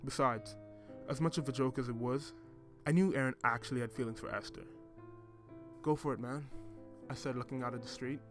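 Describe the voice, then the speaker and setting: A man reading a first-person story in a measured, reflective way. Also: mid-range voice, steady tone. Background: music.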